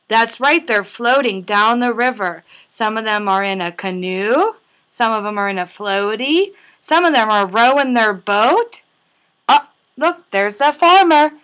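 Upbeat lady teacher reading a kids book, lots of animal noises, bright voice. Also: a little high, a little slow. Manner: animated, making animal sounds. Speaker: preschool teacher. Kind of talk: reading a picture book to toddlers.

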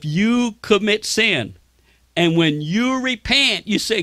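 A man's voice: high-pitched, animated, slow, bright, forceful tone, dry recording. A man preaching a sermon, telling personal stories and quoting people in raised voices. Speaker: pastor.

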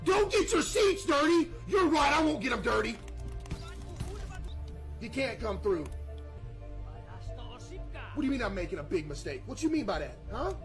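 A man talking to his stream chat. He swings from shouted, high orders to low, mumbled remarks, and his pitch jumps around a lot. Clear background music plays under him. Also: very animated, normal speed, long pauses. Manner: shouts commands, then drops to low mumbled asides. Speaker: streamer playing games for a live chat. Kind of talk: live game-stream chatter.

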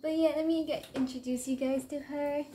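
A young woman from Trinidad with a Trinidadian accent, telling a rambling, excitable storytime to camera and slipping into local dialect. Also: sits high, a little fast, slight background noise. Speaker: vlogger. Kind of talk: casual storytime chat to camera.

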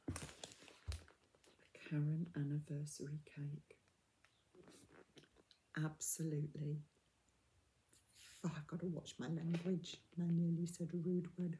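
A middle-aged woman in a casual unboxing vlog, gushing and often dropping into soft half-whispers as she reads out labels. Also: lowish voice, a little slow, a little hiss or hum. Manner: reads out yarn labels in a steady list. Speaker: craft vlogger.

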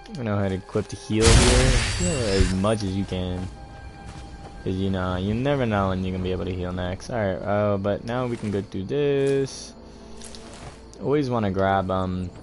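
A man's voice: lowish voice, normal speed, music in the background. A young man giving laid-back, chatty gameplay commentary and talking to his viewers. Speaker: gaming host.

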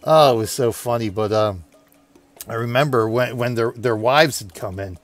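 A man's voice: medium pitch, moderate pace, soft background music. A man in his forties telling a long, laughing anecdote while playing a game, chatty and full of restarts. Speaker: gaming video host. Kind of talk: rambling anecdote over gameplay.

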